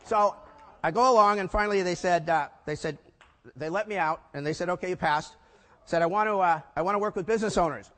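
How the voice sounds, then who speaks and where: An older man giving a keynote talk, telling stories with lively acted-out dialogue. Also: sits high, a little fast. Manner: animated storyteller acting out quoted dialogue. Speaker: keynote speaker. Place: conference hall. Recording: hall reverb.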